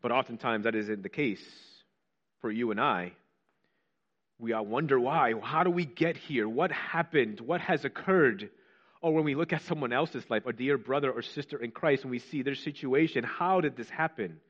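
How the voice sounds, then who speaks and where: A man preaching a sermon, building up to fervent rhetorical questions and dropping to hushed quotations. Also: medium pitch, normal speed, muffled recording.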